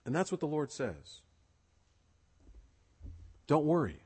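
A man's voice: mid-range voice, fairly quick, long pauses. A male pastor preaching a sermon in an earnest, exhorting way, repeating his key phrases for emphasis.

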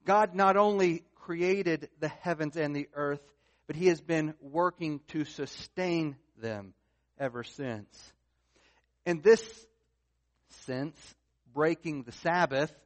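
A man preaching a sermon as pastor, stressing key words with rises and drops in voice. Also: a little high. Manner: emphatic, rising and falling with stress.

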